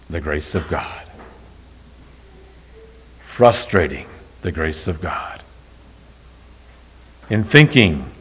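A male pastor preaching a sermon in church, moving from quiet, slow storytelling to loud, high-pitched, impassioned preaching. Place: church sanctuary.

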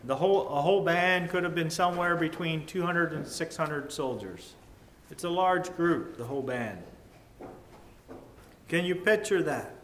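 A man preaching a sermon in a measured, earnest way, swinging between loud emphasis and hushed tones. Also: on the high side. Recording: echoey room with faint ambient noise.

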